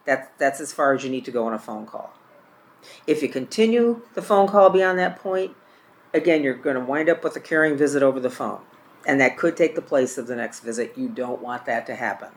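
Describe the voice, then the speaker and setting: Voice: mid-range voice, animated, a little fast, slight background noise. Trainer teaching caregivers from a book. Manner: reads examples aloud, repeats and corrects own words.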